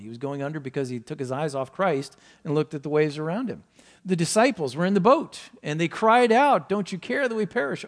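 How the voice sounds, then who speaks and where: A man preaching a sermon to his congregation in an earnest manner, his emphasis rising and falling, pausing now and then to correct himself. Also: mid-range voice. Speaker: pastor.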